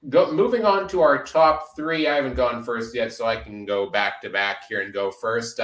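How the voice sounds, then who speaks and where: A man's voice: fairly low pitch, fairly bright tone, roomy sound. A man hosting a casual sports podcast, upbeat and full of filler uhs. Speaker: podcast host.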